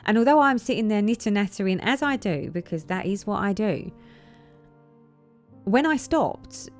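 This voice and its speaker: A woman vlogging, chatting casually and acting out quotes as she retells a story. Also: mid-range voice. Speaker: flosstube vlogger. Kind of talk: casual chat to camera.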